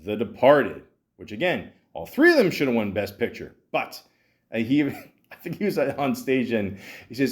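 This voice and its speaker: A podcast host, a man with a mid-range voice speaking at normal speed, reviews movies in an excitable, rambling monologue. He swears freely and keeps restarting his sentences.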